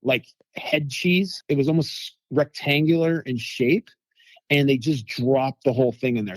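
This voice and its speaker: A man telling lively food anecdotes as a guest in a casual interview, acting out quotes from people he met. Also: medium pitch, dry recording. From United States. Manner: animated anecdotes with quoted voices.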